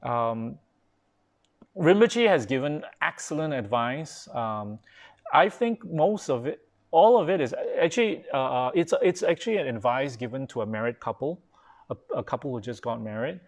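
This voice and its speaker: A man's voice: medium pitch, lively intonation, moderate pace. Chatty man giving a dharma talk. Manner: chatty and informal, with many fillers and restarts; replies to viewer comments as he goes. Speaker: Buddhist pastor. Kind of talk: live-streamed dharma talk.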